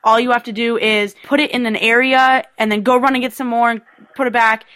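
A woman making a prank phone call, talking in brisk, persuasive sales-pitch patter. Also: fairly even intonation, a bit bright, no echo. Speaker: prank caller.

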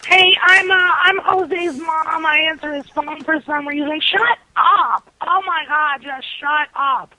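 A woman on a voicemail greeting, yelling and cursing in a shrill voice. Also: slow pace, hardly any pauses, no echo, poor audio. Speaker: caller's mother on a voicemail.

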